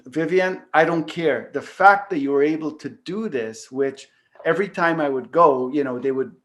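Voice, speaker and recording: A Canadian podcast host tells a personal story on his talk show in a slightly high, somewhat bright voice at a moderate pace. He rambles casually, leaning on fillers and dropping the occasional swear word.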